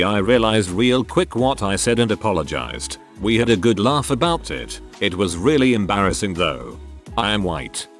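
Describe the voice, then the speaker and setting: Low-voiced man reading stories. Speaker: narrator reading Reddit stories. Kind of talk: scripted narration. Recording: faint music bed behind voice.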